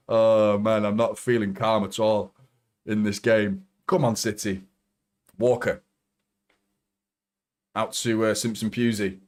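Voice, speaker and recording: A man hosting a live football watchalong, commentating as a fan and swearing a lot as he swings from nervous muttering to shouting. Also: lowish voice, level tone, takes it slowly, pauses often.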